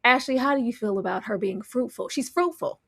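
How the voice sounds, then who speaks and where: A woman's voice: on the high side, quick pace, creaky, fairly bright tone, husky, no room sound, clean studio sound. A woman hosting a casual live discussion show, talking with animation and acting out characters' lines. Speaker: host.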